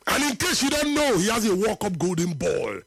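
A man argues football on a live talk show in a high, pressing voice. He hammers his points through repetition, sometimes sinking low and slow for weight. The sound is close and dry. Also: very animated, gravelly, a bit bright, slightly rough, no echo. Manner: emphatic, repeats points for effect, drops to low slow tones. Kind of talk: live football debate and reading viewer comments.

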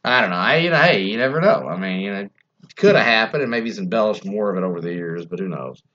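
A man with a very deep, low voice, casually telling ghost stories as host. He rambles and drops wry asides. The recording sounds dull and lo-fi. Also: expressive, fast, a bit bright.

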